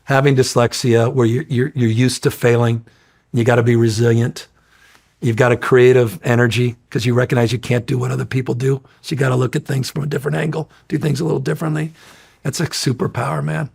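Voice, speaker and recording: A middle-aged man, an interview guest, telling profane, animated stories in casual chat and acting out the people he quotes. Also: mid-range voice, gravelly, slightly rough. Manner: profane, animated storyteller, acts out quoted voices loudly.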